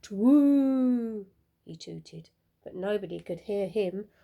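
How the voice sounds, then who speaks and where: A woman teacher reading a picture book aloud to children in a slow, expressive storytelling manner. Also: mid-range voice, slightly rough, narrow, tinny audio.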